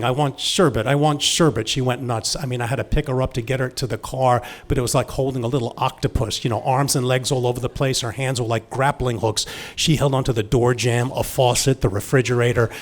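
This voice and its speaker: A man in his sixties from Long Island telling a personal story in a wry, intimate manner, moving from hushed lines to emphatic ones. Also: medium pitch. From Long Island, New York.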